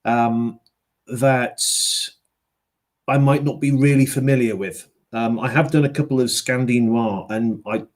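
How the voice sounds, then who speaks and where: A middle-aged man from Yorkshire who narrates audiobooks, chatting in a book-club conversation. He rambles, restarts his sentences and fills his pauses with ums, in a plain mid-range voice. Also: mid-range voice, fairly even intonation, darkish tone. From Yorkshire, England. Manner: rambling, many fillers and restarts.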